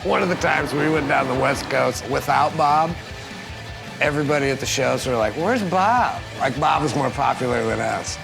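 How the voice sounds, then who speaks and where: A man's voice: medium pitch, steady tone, normal speed, vocal fry, over music. A man in a documentary interview telling band tour stories, laughing as he acts out the dialogue. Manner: laughing storyteller acting out dialogue.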